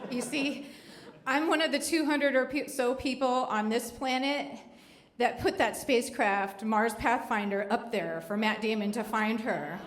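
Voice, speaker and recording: A woman's voice: fairly high pitch, moderate pace. Wry middle-aged woman telling a story on stage. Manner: wry, conversational, joking. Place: live venue before an audience. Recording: echoey live hall.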